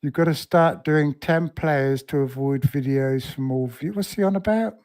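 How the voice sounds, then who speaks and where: Joking man, slightly high voice. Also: normal speed. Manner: storytelling, joking, deadpan. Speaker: podcast co-host. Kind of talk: casual podcast chat.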